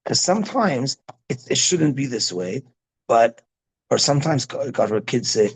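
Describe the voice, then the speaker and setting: Gravelly rabbi rambling through a lesson. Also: male voice, mid-range voice, expressive, normal speed, rough recording. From Israel-educated, speaks Hebrew. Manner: rambling, self-interrupting, repeats words. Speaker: rabbi teaching a parenting class. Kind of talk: casual classroom talk.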